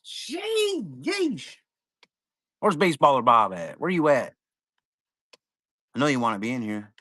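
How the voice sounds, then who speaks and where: Young man, live card-break host, casual rambling chat, profane, bright tone, dry sound. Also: lowish voice, no echo.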